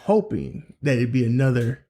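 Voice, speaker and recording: A man's voice: medium pitch, lively intonation, normal speed, warm tone, slightly rough. A man guesting on a casual wrestling podcast, laid-back and a little hesitant. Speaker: guest co-host.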